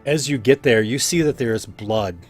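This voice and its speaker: A man's voice: medium pitch, moderate pace, soft background music. A man narrating as game master in a loose, rambling way with many fillers. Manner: loose, full of fillers and hedging "kinda".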